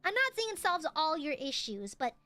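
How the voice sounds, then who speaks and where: A woman's voice: sits high, big pitch swings, moderate pace, bright, forceful tone, faint music behind. A young woman streamer chatting casually into her mic, giggling often and swearing freely. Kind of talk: casual chat.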